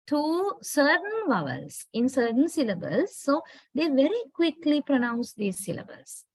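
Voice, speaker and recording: A Sri Lankan woman with a Sri Lankan English accent gives a patient lecture to her students. Her voice sits slightly high and sounds close and dry, with no room around it. She explains step by step and keeps checking in with "right?". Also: husky, no echo, rough recording. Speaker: university lecturer. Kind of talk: classroom lecture.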